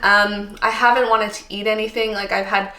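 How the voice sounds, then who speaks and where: In an echoey room, a tired, slightly emotional Canadian vlogger in her thirties talks candidly to the camera, filling gaps with ums and likes. She speaks at normal speed in a bright, forceful, medium-pitched voice with flat delivery.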